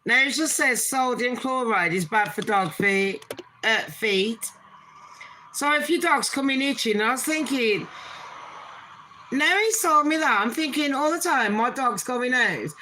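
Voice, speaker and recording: A woman's voice: high voice, lively intonation, unhurried, pushed and bright, slight background noise, low-quality recording. A woman chatting casually to her channel, swearing freely and laughing often. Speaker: channel host. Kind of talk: casual chat vlog.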